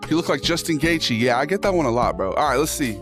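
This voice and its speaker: Animated and fast, this man's voice sits on the high side as he hosts a relaxed livestream. He reads posts aloud and jokes profanely with chat, with instrumental music underneath.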